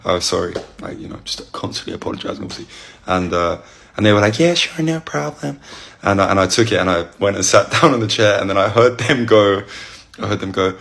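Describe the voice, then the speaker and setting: A man's voice: deep voice, steady tone, fast, creaky, a bit bright. A young man with an English accent, telling stories casually to camera with a rambling, chatty manner full of fillers. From England. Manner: rambling, chatty, lots of "like" and restarts.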